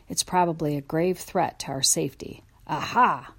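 A husky, low-sitting female voice at normal speed carries this children's audiobook. The woman narrates as a dog, first person, keeping the storytelling expressive and lively.

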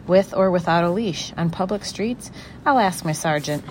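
A woman's voice: lowish voice, normal speed, a little mellow, a little hiss or hum, natural voice. Woman doing an easygoing male policeman.

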